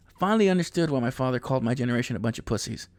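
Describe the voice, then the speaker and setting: A man's voice: mid-range voice, expressive, racing, a little mellow, no room sound. A man in his thirties, a podcast host rambling through a profane comedic monologue and laughing at his own jokes. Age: 30s.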